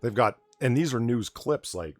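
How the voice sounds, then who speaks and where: A man from the United States hosting a casual late-night chat stream, talking in an animated, profane, ranting way. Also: medium pitch, moderate pace, no echo. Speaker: stream host.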